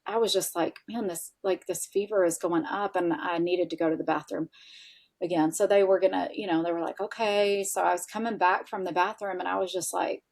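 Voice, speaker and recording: A woman's voice: fairly low pitch, a little fast, vocal fry. Woman telling a personal story casually. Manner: animated, many fillers like "you know" and "like"; candid, with occasional swearing. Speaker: interview guest, integrative health practitioner.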